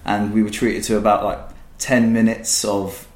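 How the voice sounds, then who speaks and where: Man, casual storyteller, rambling, filler-heavy, swears freely, lowish voice, echoey room. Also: little pitch movement, normal speed. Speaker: guest.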